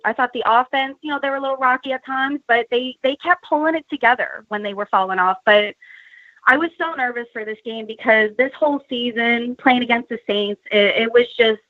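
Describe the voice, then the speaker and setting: A high-voiced woman from Tampa calls in over a muffled phone line. She talks in an animated, blunt way, cursing freely and venting hard. The sound is dry and close. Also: no room sound. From Tampa area. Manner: animated, swears, laughs, vents loudly. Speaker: caller. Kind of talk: phone call-in.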